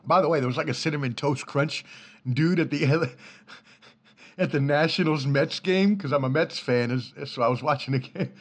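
A man's voice: a little high, moderate pace. A man in his thirties from the Washington, D.C. area, hosting his own podcast from a home studio in an apartment, talking in a loose, profane, easygoing way and laughing easily. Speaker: podcast host. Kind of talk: casual solo podcast rambling. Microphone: studio mic through a preamp.

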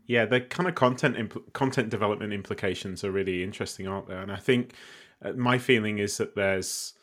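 Man, deep voice, podcast co-host, hesitant, filler-heavy, fading sentence endings. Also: fairly quick, fairly bright tone. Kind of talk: casual podcast discussion.

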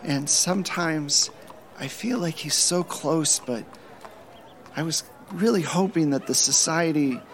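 A man voicing a sickly, timid young widow in a tabletop game, speaking in a halting, apologetic way. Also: on the high side, slight background noise. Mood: hesitant. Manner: halting, stammering. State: coughing, ill.

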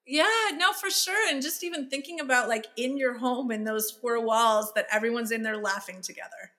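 A woman's voice: on the high side, moderate pace, bright, forceful tone. A woman hosting a podcast interview, talking in a casual, affirming and encouraging way. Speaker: podcast host. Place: Los Angeles area.

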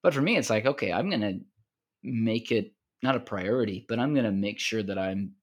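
A man's voice: fairly low pitch, a little fast, muffled recording. A man co-hosting a podcast, chatting casually and playfully about comedy. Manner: playful, joking, does deadpan impressions. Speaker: podcast co-host. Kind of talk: casual chat.

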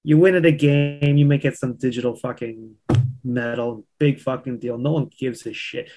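A man's voice: medium pitch, fairly even intonation, moderate pace, warm tone. A man who owns a landscaping business, a podcast guest talking frankly and profanely, often saying "you know.". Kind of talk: casual conversation.

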